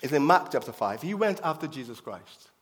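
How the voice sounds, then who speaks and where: A man's voice: fairly high pitch, very animated, a little fast, a little hiss or hum. A man preaching a sermon with emphasis, repeating his key phrases for effect. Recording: long reverb of a hall.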